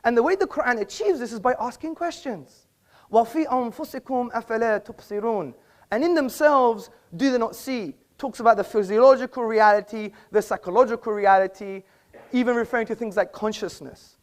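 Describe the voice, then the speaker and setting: A man's voice: extremely high pitch, quick pace. A man giving a formal debate speech in an auditorium, combative and pointed, quoting sources at length. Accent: British. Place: auditorium with an audience.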